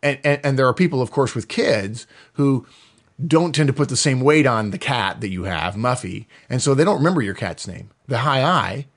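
A middle-aged man co-hosting a podcast in a fast, animated manner, often breaking into laughter. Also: mid-range voice. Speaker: podcast co-host. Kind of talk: animated casual chat.

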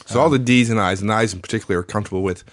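A man's voice: fairly low pitch, no echo. A man co-hosting a podcast, chiming in with short, wry remarks in casual chat. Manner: wry, quick interjections. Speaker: podcast co-host.

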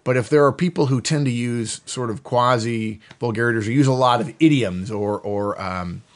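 Animated middle-aged man explaining at length. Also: mid-range voice, moderate pace. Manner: animated, acts out quotes in voices. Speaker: podcast host. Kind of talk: casual explanatory chat.

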